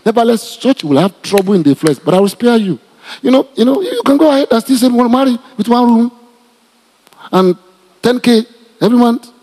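A male pastor with a Nigerian accent leads a Bible study, teaching from scripture in a mellow, slightly husky voice that sits a little high. His delivery is animated and repetitive, peppered with joking asides to the audience, and a long church-hall reverb trails his words.

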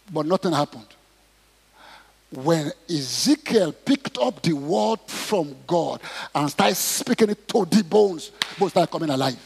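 A middle-aged man preaching a sermon, acting out prayers and Bible stories and rising to shouts. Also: on the high side, lively intonation, measured pace, gravelly, husky. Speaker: pastor. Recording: long hall reverb.

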